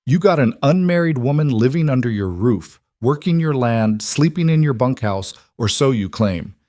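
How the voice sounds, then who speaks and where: A man voicing a loud, self-righteous older male town leader who lectures in a preachy, accusing way. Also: fairly low pitch, lively intonation, normal speed, dry recording, studio quality.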